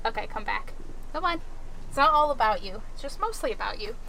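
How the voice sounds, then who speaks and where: A young woman streaming and chatting casually with her viewers, giggly and rambling, swinging between excited and chill. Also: a little high, fast talker, vocal fry, very noisy. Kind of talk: casual chat with live chat.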